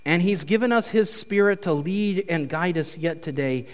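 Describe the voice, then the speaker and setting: High-voiced male pastor in a hall. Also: moderate pace. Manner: conversational, animated storytelling. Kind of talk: sermon. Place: church sanctuary. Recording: reverberant church hall.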